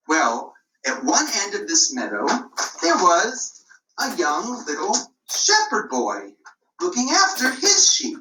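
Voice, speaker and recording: Woman puppeteer telling a kids' story, lively pitch, echoey room, mic at a distance. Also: a little hiss or hum. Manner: slow, sing-song, expressive. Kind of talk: storybook narration for children.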